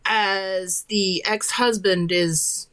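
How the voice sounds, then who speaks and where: A young woman telling a childhood story haltingly in casual chat. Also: medium pitch, fairly even intonation, a bit bright, clean tone, poor audio. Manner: halting, slow, searching for words.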